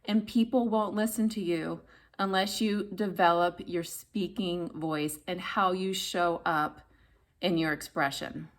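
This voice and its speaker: A woman teaching how to speak so that people listen, talking straight to viewers in an expressive instructional style and demonstrating pitch and volume as she goes. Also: measured pace. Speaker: voice coach. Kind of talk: instructional video talk.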